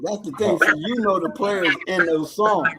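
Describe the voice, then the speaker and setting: A man's voice: high-pitched, moderate pace, a loud crowd. A man co-hosting a casual talk show, explaining points emphatically.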